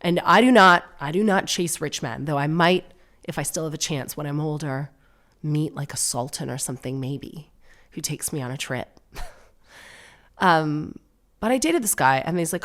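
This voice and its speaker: A woman's voice: low voice, a little fast, fairly bright tone. A woman in her thirties hosting a podcast, chatting casually and sardonically, with mocking put-on voices. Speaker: podcast host. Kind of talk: casual solo comedy chat.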